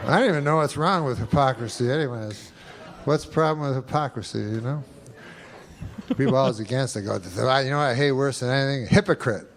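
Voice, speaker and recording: A man performing a stand-up routine on a comedy club stage, rambling slowly and swearing crudely. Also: mid-range voice. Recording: noisy live club recording.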